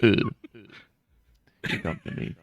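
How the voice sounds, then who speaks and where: A man voicing a menacing mob boss plumber with a slow, demanding mock Italian delivery. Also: natural voice.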